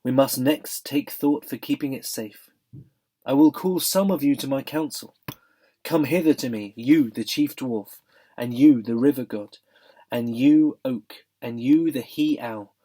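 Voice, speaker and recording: A man voicing a wise, calm lion who speaks slowly and solemnly. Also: medium pitch, natural voice, poor audio. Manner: slow, solemn, measured. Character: great wise male lion, calm and commanding.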